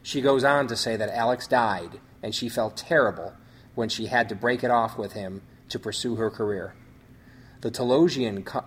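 A man hosting a show, reading out a story synopsis in measured phrases with small restarts. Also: medium pitch, slight background noise.

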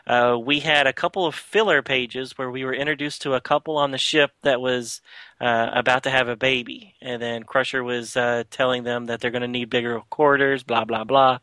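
Bright-voiced man recapping casually. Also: medium pitch, no room sound. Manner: chatty, loose retelling with frequent filler words. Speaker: podcast host. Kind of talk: casual comic book recap.

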